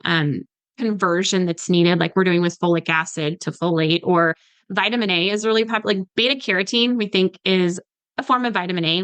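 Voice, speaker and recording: A woman's voice: on the low side, fairly bright tone, dry recording, poor audio. A woman dietitian in her thirties, a podcast guest explaining supplements in an easygoing way, with lots of "like" fillers. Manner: explanatory, many "like" fillers, mimics patients. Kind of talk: podcast conversation.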